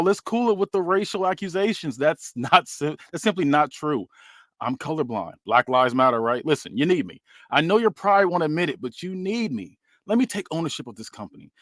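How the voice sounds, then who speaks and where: A man's voice: on the high side, no room sound, clean studio sound. A man voicing a smug, scheming male rival businessman who talks down to people while reading out a fantasy wrestling script. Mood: condescending. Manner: condescending, slick, faintly mocking. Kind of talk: read-aloud fantasy wrestling booking.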